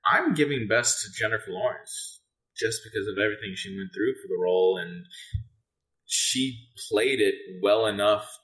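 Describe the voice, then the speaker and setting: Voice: medium pitch, moderate pace, a bit bright, low-quality recording. A podcast co-host in a casual film review chat, making dry, wry remarks.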